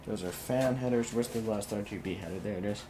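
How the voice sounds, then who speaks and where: A man's voice: on the low side, fairly quick, background noise. A young man livestreaming while he assembles a computer, chatting with viewers in a blunt, rambling way, swearing and restarting his sentences. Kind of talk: casual live stream chat while building a PC.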